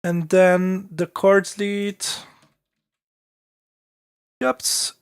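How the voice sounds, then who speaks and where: A man's voice: sits high, little pitch movement, very slow, clear, resonant tone, no room sound, clean studio sound. A man with a French accent talking casually on a live stream as he produces music, thinking aloud with many fillers and restarts.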